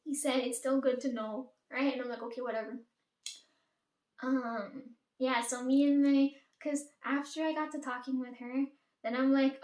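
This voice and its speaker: A woman's voice: a little high, steady tone, normal speed, darkish tone. Chatty woman, roomy echo. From Caribbean. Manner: chatty, profane, fillers "like" and "right?". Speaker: storyteller. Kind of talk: casual storytime chat.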